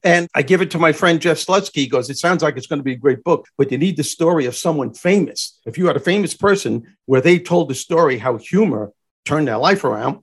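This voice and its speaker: A man, a former stand-up comic, telling stories lively in an interview and acting out the people he quotes. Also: on the high side, fairly quick, breathy edge. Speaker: guest, comedian turned motivational speaker. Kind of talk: animated storytelling interview.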